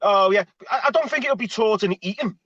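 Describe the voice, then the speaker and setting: A man with a bright, high voice rambles through a casual panel chat and repeats himself as he talks. His audio is dry and dull. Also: brisk, slightly rough, dry recording.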